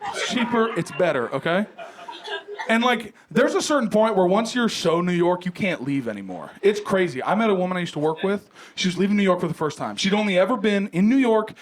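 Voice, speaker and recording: A man's voice: high-pitched, fairly quick. A young man from Ohio doing a profane, brash stand-up comedy set on a club stage. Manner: brash, profane, animated storytelling. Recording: live club recording with audible crowd noise.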